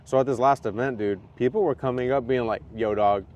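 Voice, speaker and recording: A man's voice: mid-range voice, fast, highs cut off. A man co-hosting a casual podcast chat, telling stories animatedly and acting out what others said, often laughing. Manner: animated storyteller, acts out quotes, laughs often. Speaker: podcast co-host, driver. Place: outdoors at a race track. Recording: faint outdoor noise at trackside.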